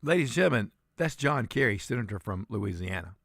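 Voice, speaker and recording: A man's voice: on the low side, expressive, brisk, gravelly, a bit bright, dry recording, clean studio sound. A man, filling in as a talk radio host and delivering fiery, indignant commentary.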